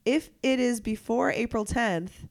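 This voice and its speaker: A woman co-hosting a podcast, talking casually while stuffed up with a cold, chatty and quick to laugh at herself. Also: a little high. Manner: giggly, chatty, self-mocking. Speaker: podcast co-host. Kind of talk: casual chat.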